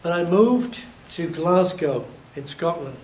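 Slightly hoarse man lecturing in an echoey hall. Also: fairly high pitch, slow. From England. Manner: lively storytelling, acting out examples. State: voice a little hoarse. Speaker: university lecturer. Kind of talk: classroom lecture. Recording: echoey hall, distant mic, faint noise.

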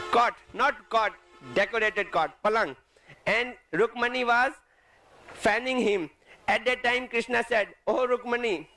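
A man, translating a devotional talk into as he retells a sacred story, often halting and rephrasing mid-sentence. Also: very high voice, pushed and bright, low-quality recording.

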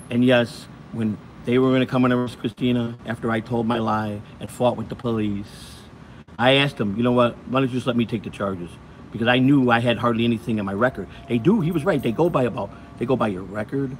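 This livestream host is out on foot in the blazing heat, phone in hand, delivering a furious, foul-mouthed rant. He speaks briskly in a mid-range voice, and a slight hiss or hum runs underneath.

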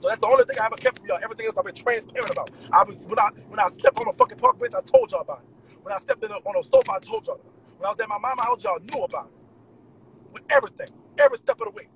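A man venting to his viewers in an animated, profane, emphatic rant. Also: very high voice, rapid-fire, gravelly, slight background noise, poor audio. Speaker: vlogger. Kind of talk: ranting straight to camera.

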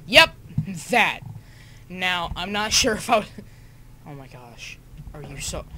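A young man commenting casually on his own gameplay, excitable and laughing, muttering asides between outbursts. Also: high voice, slow pace. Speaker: gamer. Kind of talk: casual let's-play commentary.

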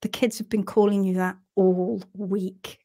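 A woman's voice: mid-range voice, level tone, measured pace, dark tone, pitched below the performer's own voice. A woman voicing an amused, unbothered female head of department in a dry, offhand way.

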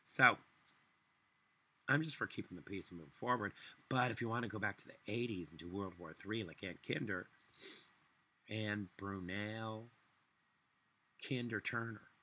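A man's voice: on the low side, moderate pace, pauses often, sharp tone, breathy edge. A man delivering a solo political rant, angry, profane and sarcastic. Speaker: vlogger.

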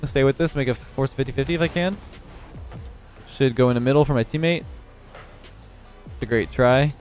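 A young man casually commentating his own match, relaxed and analytical, sleepy and yawning as he has just woken up. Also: mid-range voice, normal speed, faint music behind.

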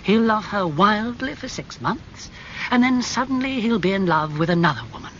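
A man reading aloud, voicing a witty aristocratic gentleman who speaks coolly and cynically in a storybook. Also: high voice, expressive, moderate pace, voice pushed up. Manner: cool, amused, clever delivery. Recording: slightly muffled with faint hum.

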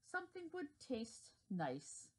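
A woman's voice: on the high side, huge pitch swings, takes it slowly, darkish tone, pitched above the performer's own voice, exaggerated voice. A woman voicing Wiggle, a cheerful little male garden worm in a children's storybook read aloud.

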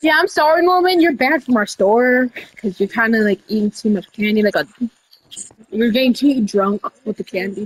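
A woman doing casual game role-play over voice chat, rambling with restarts and breaking into sudden high shouts. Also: normal speed, poor audio. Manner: rambling, with many restarts and y'all. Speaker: roleplayer running a candy store character.

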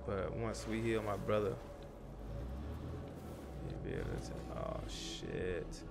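A man's voice: fairly low pitch, wildly swooping pitch, a little slow, gravelly, over loud music. A young man, a father, casually commenting on a survival game as he plays, cursing and talking to himself and the characters on screen. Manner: loose, profane, talks to himself and the game. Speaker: gaming YouTuber.

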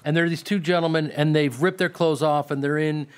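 A man's voice: on the high side, a little fast, clean tone. A man who is a guest on a podcast, telling an anecdote in casual chat and acting out what others said. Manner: animated storyteller acting out quotes.

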